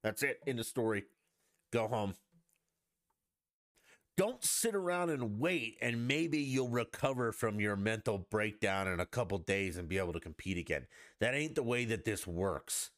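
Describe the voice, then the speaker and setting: A man's voice: on the low side, expressive, moderate pace, fairly bright tone, no echo, clean studio sound. A man hosting a podcast, ranting in a blunt, profane and mocking way in a casual monologue. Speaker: podcast host.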